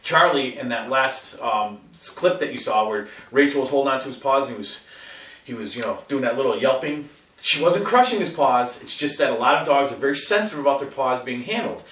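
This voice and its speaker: Brief: man, mid-pitched dog trainer, lively teaching delivery that keeps asking "okay?", recorded from a distance in a roomy space. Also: fairly quick. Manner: animated, often puts on high voices when quoting dog owners, frequent "okay?". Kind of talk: instructional talk to camera. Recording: roomy sound from a distant mic.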